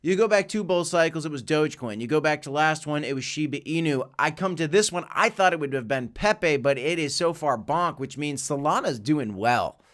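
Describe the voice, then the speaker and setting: A man hosts a live crypto show from his home office, giving market commentary and reading viewer chat in an upbeat, joking way with chatty asides. His voice is on the high side, fairly bright and expressive, at normal speed with few pauses.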